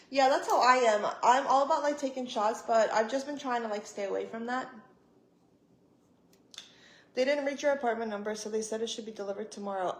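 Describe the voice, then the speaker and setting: Animated swearing woman vlogger. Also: a little high, brisk, echoey room, rough recording. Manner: animated, swearing, acts out quoted voices. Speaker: vlogger on a livestream. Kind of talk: casual storytelling to live chat.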